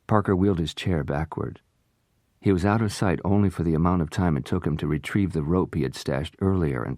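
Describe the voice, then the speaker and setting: A man narrating a suspense audiobook in measured, steady storytelling. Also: extremely low pitch, no echo, clean studio sound. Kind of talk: scripted narration.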